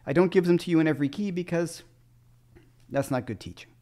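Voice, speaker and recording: A man's voice: on the high side, a little fast, dark tone. A man who teaches guitar, chatting casually on a livestream with loose, rambling asides.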